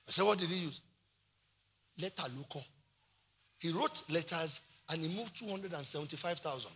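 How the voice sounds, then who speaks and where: Animated Nigerian pastor, high bright voice. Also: male voice, moderate pace, pauses often. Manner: animated, switches into Yoruba phrases, shouts for emphasis. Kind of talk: sermon.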